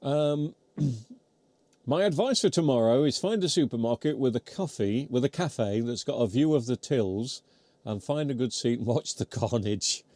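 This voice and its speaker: Mellow-voiced British man rambling on a live stream. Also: mid-range voice, expressive, a little slow, dry recording. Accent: British English. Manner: rambling, chatty, self-deprecating; talks while chewing. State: voice getting worn. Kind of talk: casual live chat reading comments. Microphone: close mic near mouth.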